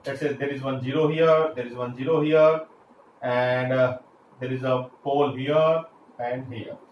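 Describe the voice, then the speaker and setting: A man's voice: mid-range voice, fairly even intonation, measured pace, muffled recording. A man teaching a classroom lecture, explaining step by step with frequent fillers and restarts. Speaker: engineering lecturer. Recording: echoey room, faint background hiss.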